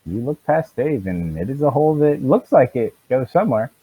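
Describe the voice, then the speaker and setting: A man's voice: mid-range voice, sing-song, normal speed, slightly rough, no room sound. A man narrating a tabletop game as game master, in a loose way with fillers. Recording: tinny phone-like audio.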